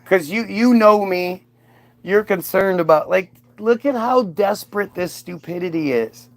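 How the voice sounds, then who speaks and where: Reacting to viewer comments on his livestream, a man mocks and argues back with heavy sarcasm. He speaks in a high, animated voice, a little slowly, with no echo.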